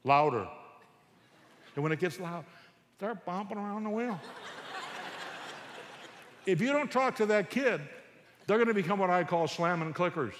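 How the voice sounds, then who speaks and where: A man giving a humorous talk on Christian parenting to a church audience, an animated storyteller who acts out parents and kids. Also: high-pitched, moderate pace, pauses often, in a large hall, noisy background.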